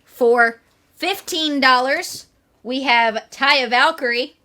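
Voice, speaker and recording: A woman's voice: high-pitched, slow, bright, forceful tone. A young woman chatting playfully on a live sales stream, teasing and listing signed photos. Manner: playful, bantering. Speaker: guest autograph seller.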